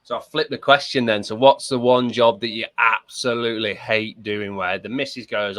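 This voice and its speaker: A man's voice: lowish voice, fairly even intonation, normal speed, hardly any pauses, pushed and bright, no room sound. A man telling casual, jokey stories on a podcast, acting out quoted voices and laughing as he goes. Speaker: podcast co-host. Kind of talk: casual chat with friends, storytelling.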